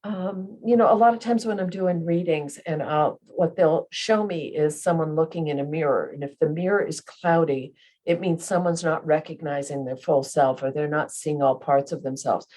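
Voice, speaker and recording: This low-pitched woman talks at a normal speed, her tone on the dark side. As a medium and co-host of a spiritual podcast, she wanders through a casual spiritual conversation, frequently stopping to find the right word.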